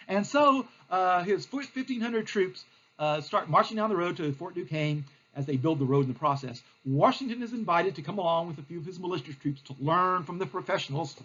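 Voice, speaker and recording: A male history teacher telling a lesson as a playful, animated story, with lots of fillers. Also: high voice, brisk, muffled recording.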